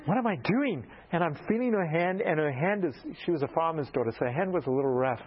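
A man preaches through a personal story, poking fun at himself and acting out each exchange. His voice sits a little high and climbs further when he gets excited. The recording sounds dull and lo-fi. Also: background noise. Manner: animated, self-mocking storyteller who acts out dialogue. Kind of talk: storytelling sermon.

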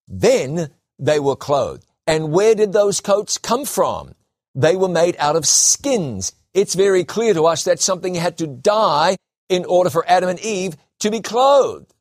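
A man preaching a sermon, emphatic, slowing down and repeating key phrases for stress. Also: fairly high pitch, big pitch swings, dry recording, clean studio sound.

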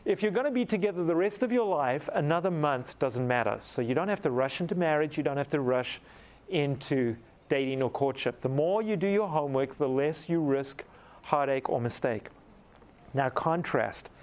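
A middle-aged man preaching, telling a personal story in a lively, animated way that rises into excited laughter. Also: fairly high pitch, moderate pace. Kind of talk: storytelling sermon.

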